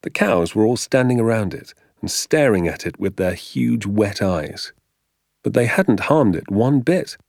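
A man narrating a storybook in a measured, expressive telling. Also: on the low side, vocal fry, no echo, clean studio sound. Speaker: audiobook narrator. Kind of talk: scripted narration.

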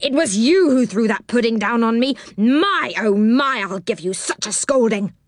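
A woman's voice: lively intonation, normal speed, no echo, studio quality, lightly acted. A woman doing a furious scolding grown man. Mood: angry. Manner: loud scolding, high-pitched yells. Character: angry bossy grown-up man, shouting threats.

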